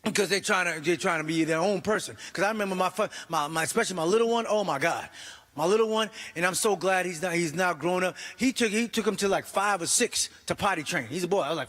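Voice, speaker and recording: A middle-aged man doing an animated stand-up comedy set, exclaiming and acting out voices. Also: high voice, fast talker, big-room sound. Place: church comedy stage.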